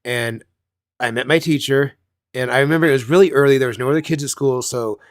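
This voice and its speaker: A man's voice: mid-range voice, fast, dry recording, studio quality. A man hosting a casual chat, telling rambling childhood stories with lots of swearing and laughing at himself. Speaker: channel host.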